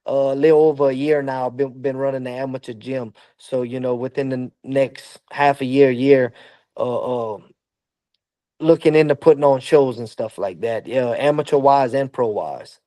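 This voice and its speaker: A man from Louisiana, a boxing coach, talking in a halting, filler-heavy way as a podcast guest. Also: medium pitch, mellow, dry recording. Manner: halting, lots of fillers and restarts. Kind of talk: casual interview talk.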